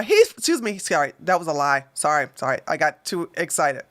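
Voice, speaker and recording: A woman hosting a political livestream, ranting combatively and with lots of swearing, jumping between loud outbursts and quiet mutters. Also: fairly low pitch, sing-song, a little fast, few pauses, smooth, no echo, clean studio sound.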